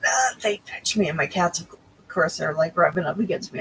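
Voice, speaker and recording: A woman's voice: on the low side, animated, moderate pace, creaky, fairly bright tone, a little hiss or hum, poor audio. A young woman hosting a crochet livestream, chatting casually with viewers and often losing her train of thought.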